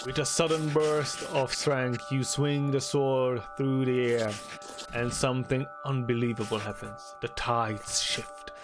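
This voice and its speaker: A man streaming a story game, reading its text aloud and chatting, often halting and restarting. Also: medium pitch, music in the background. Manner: halting, with many restarts and fillers; shifts to a louder, animated voice when reading and acting out lines.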